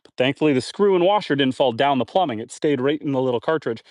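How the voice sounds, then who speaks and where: A man's voice: mid-range voice, expressive, fast talker, darkish tone, no echo, studio quality. A man chatting casually on a live stream while doing outdoor chores on his homestead, rambling to viewers and his animals. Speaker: homestead livestreamer. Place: outdoors on a homestead, watering trees.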